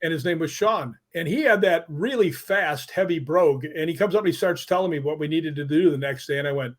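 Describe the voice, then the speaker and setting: A man telling stories as a guest on a live online show, animated and laughing as he goes. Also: a little high, brisk, hardly any pauses. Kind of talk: casual storytelling.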